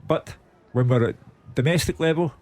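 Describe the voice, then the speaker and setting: A man's voice: on the high side, normal speed, darkish tone. A man giving wry football punditry in a radio studio. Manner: dry, wry storyteller.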